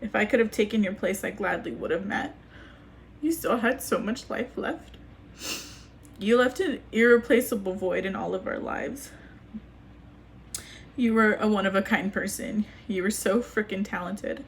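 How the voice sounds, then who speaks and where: A young woman reading a personal letter aloud to camera, halting and grieving, with frequent restarts. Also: medium pitch, gravelly, a little hiss or hum. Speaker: vlogger.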